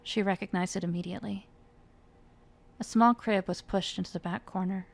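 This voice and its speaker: A woman's voice: medium pitch, fairly even intonation, moderate pace, vocal fry. A woman reading aloud a chapter of her own fantasy novel, lifting her voice for the characters' dialogue. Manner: reads the characters' lines with rising emotion. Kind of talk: dramatic fiction reading.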